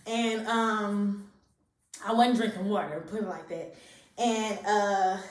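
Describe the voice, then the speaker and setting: Taking it slowly, a young woman with a mid-range voice and fairly even intonation gives a pregnancy update to camera. She is a little short of breath and rambles casually with many fillers; the audio comes from a distant mic in an echoey room.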